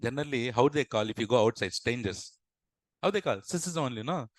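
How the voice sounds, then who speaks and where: A man's voice: medium pitch, lively intonation, brisk, dry recording, rough recording. A young man teaching a live online class, asking the students questions and acting out little dialogues to explain ideas. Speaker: instructor.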